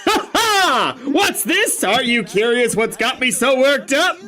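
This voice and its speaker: Guy doing a squeaky hyper girl, shouty and gushing, bright tone, faint music behind. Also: big pitch swings, slow, exaggerated voice. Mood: excited. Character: excitable young girl, loud and pleading. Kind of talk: voicing a visual novel.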